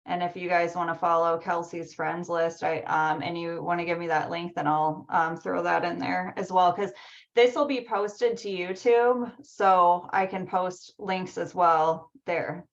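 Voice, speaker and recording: A woman hosting a casual webinar, chatty and relaxed, with light swearing. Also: on the low side, unhurried, creaky, lo-fi sound.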